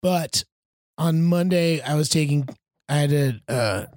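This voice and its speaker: Male podcast co-host, fairly high voice, dry close sound, rambling storyteller who acts out quotes. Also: a little slow, darkish tone, no room sound. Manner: rambling anecdote, acting out quotes. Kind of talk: casual chat, storytelling.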